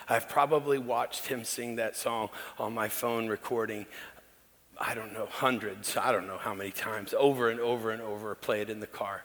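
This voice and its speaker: A middle-aged male pastor telling a personal story in a sermon, emphatic with hushed asides. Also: medium pitch, steady tone, normal speed. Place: large church. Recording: long reverb in a large church hall.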